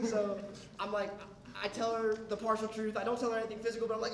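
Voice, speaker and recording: Young male stand-up comic, animated. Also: high-pitched, quick pace, a crowd in the background. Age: young adult. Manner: animated, acts out quotes of others. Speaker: stand-up comedian. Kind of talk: stand-up storytelling. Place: comedy club stage. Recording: roomy club sound from a distance, audience laughter. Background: audience laughing.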